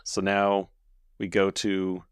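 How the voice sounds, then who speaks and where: A man's voice: sits low, slow pace, smooth, no echo, clean studio sound. A man co-hosting a podcast, casually recapping a TV episode scene by scene. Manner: relaxed, recaps scenes with quoted lines. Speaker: podcast co-host.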